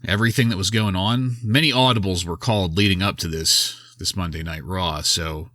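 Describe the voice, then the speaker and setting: A man's voice: deep voice, brisk, bright, forceful tone, no echo, studio quality. A man hosting a wrestling podcast, recapping an old episode in a wry, sarcastic casual style. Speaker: podcast host.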